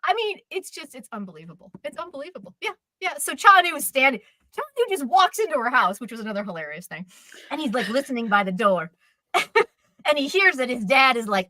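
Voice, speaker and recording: A woman co-hosting a live stream chat, ranting in an exasperated, animated way. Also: high voice, fairly quick, dry recording. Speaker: co-host.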